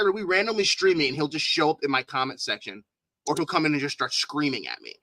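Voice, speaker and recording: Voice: medium pitch, animated, fast, pushed and bright, no echo, low-quality recording. A livestreamer giving reaction commentary, incredulous and often laughing as they talk to their viewers.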